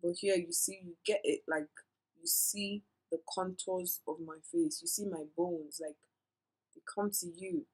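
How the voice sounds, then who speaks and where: A woman's voice: lowish voice, steady tone, a little slow, darkish tone, low-quality recording. A woman talking viewers through a makeup tutorial in a chatty, playful way, giving tips and drifting into asides. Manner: instructive, addresses viewers directly. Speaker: beauty vlogger.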